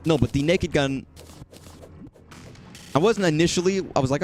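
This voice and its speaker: A man's voice: on the high side, normal speed, darkish tone. A man chatting casually while streaming a game, rambling and swearing at enemies. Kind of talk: casual gaming commentary.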